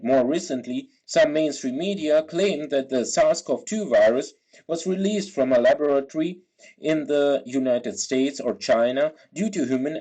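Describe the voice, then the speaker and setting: A man's voice: medium pitch, darkish tone, breathy edge, low-quality recording. A man giving an academic philosophy talk in a careful, structured way. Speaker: lecturer.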